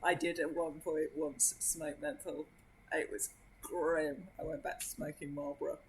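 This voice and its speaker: A woman's voice: deep voice, little pitch movement, a little slow, slight background noise, low-quality recording. Laughing woman at a game table. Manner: laughs often, describes actions. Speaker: player. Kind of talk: casual chat at a game table.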